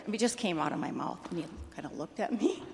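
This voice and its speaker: An older woman telling a personal testimony in a lively, animated way, laughing easily as she tells the story. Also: lowish voice, fast, vocal fry, in a large hall. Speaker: church member sharing a testimony.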